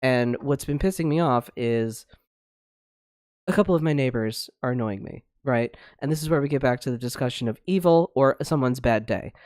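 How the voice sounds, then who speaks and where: This is a podcast co-host on a livestream, launching into an angry, profane rant. The pitch sits mid-range, and the sound is dry and close. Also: normal speed, darkish tone, no room sound. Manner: angry, swearing, blunt ranting. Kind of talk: heated casual discussion.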